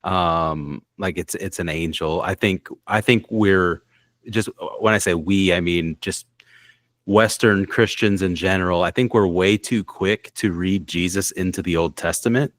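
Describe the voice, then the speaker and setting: A man with a low voice talks casually on a podcast, restarting his sentences and leaning on likes and you knows. The sound is dry and close. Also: measured pace, a bit bright, no echo. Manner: hesitant, repeats words, lots of likes and you knows. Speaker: podcast co-host.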